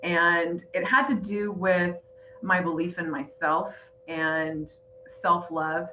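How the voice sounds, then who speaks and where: On an online group call, a weight-loss coach, a middle-aged woman and grandmother, tells her own story earnestly and tearfully. She speaks at a fairly low pitch in a pushed, bright way. The audio is dull, with slight background noise.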